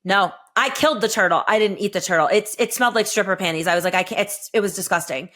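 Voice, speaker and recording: A woman's voice: medium pitch, quick pace, fairly bright tone. A woman in her forties co-hosting a podcast, telling blunt, profane stories in casual chat with lots of laughter. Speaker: podcast co-host, former reality show contestant.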